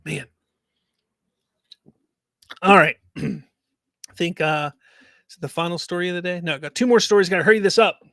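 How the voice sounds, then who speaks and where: A man hosting a casual solo commentary show, talking in an animated, rambling way and repeating himself. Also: sits high, moderate pace, pauses often, no room sound, studio quality. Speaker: host.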